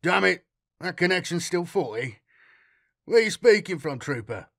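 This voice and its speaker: A man voicing a gruff, pompous middle-aged freighter captain with a rough, sleep-heavy voice in an audiobook. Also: high voice, slow pace, sharp tone, voice pushed up, heavily acted. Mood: indignant. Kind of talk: audiobook character voice.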